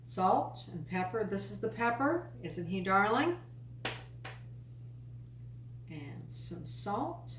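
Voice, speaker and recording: A woman's voice: medium pitch, big pitch swings, slow. Woman, cooking show host, chatty, enthusiastic, folksy asides, echoey room, faint background noise. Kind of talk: casual cooking demonstration. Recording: echoey room, mic at a distance.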